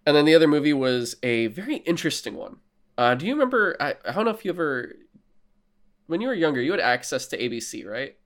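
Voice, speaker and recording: A man in casual podcast chat, retelling movie plots with animated, profane storytelling and acted-out lines. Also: fairly high pitch, fast.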